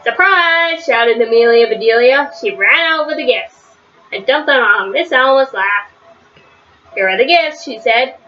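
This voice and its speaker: A woman reading a children's picture book aloud, with a lively delivery that rises high on the characters' shouts. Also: moderate pace, highs cut off, slight background noise. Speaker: storybook reader.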